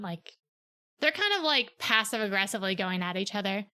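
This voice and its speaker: A young adult woman co-hosting a podcast, casually retelling a book's plot with sarcastic asides and quick acted-out quotes. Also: medium pitch, clear, resonant tone. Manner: animated, sarcastic retelling, slips into quick character voices. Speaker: podcast co-host.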